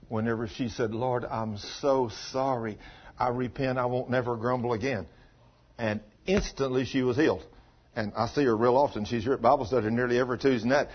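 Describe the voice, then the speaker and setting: Folksy preacher, husky and muffled. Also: male voice, on the high side. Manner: folksy storytelling preacher, acts out dialogue. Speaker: pastor. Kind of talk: sermon. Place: small church.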